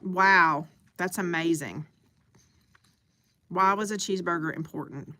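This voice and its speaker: A woman's voice: fairly low pitch, a little slow, sharp tone. A woman hosting a live stream, chatting casually and eating as she talks.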